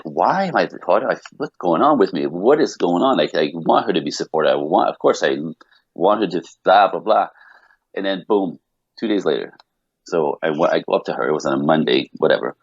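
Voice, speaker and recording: A man, a podcast guest, telling a long personal story in an animated, rambling way full of restarts. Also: sits low, no echo, muffled recording. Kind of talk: casual podcast conversation.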